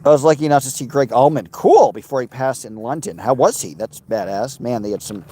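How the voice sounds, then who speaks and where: Outdoors by a river, a man hosts a casual livestream, rambling loosely and slipping into sing-song chatter to his dog. His mid-range voice is mellow with a breathy edge and fairly quick, though the audio is poor.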